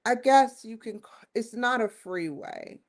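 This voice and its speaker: A woman's voice: on the high side, lively intonation, unhurried. A woman hosting her own show, giving an emphatic, rambling opinion commentary that circles back and repeats points. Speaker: show host.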